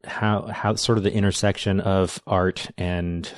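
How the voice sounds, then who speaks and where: A man's voice: low voice, little pitch movement, measured pace, no room sound, studio quality. A man hosting an interview, speaking thoughtfully and hesitantly, often restarting his sentences. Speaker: podcast host. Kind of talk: casual interview conversation.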